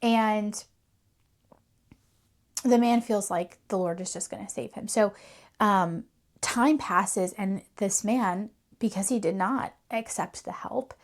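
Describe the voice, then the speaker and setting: A woman's voice: mid-range voice, takes it slowly. A woman host giving an earnest, reflective talk about faith and telling a parable. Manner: earnest and reflective, with occasional laughs. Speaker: faith coach and channel host. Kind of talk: faith teaching talk with storytelling.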